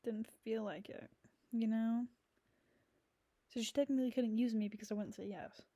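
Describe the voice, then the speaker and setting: Young woman, higher pitch, rambling, filler-heavy, candid, swears bluntly. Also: steady tone, normal speed, mellow, no echo. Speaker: podcast host. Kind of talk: candid casual monologue.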